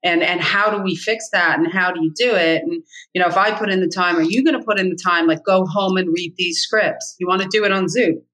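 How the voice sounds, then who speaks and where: Bright, emphatic woman real estate mentor. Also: on the low side, brisk, low-quality recording. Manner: emphatic, blunt, repeats points for stress. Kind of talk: podcast interview answers.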